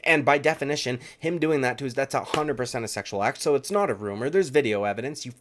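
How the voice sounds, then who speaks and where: A man's voice: mid-range voice, fast, a bit bright, a little hiss or hum. Heated, profane man ranting. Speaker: MMA YouTube commentator. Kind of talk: reaction commentary rant.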